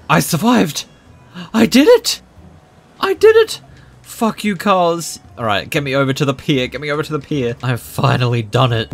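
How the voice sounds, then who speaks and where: A young man hosting a gaming channel, giving jokey, excitable commentary that bursts into loud yelps. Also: medium pitch. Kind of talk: gameplay commentary.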